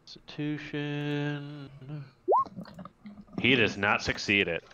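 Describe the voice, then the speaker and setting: A man running a tabletop game as game master, narrating and ruling in a halting way with many restarts. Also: on the low side, background noise. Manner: halting, full of restarts and fillers. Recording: dull lo-fi voice chat audio.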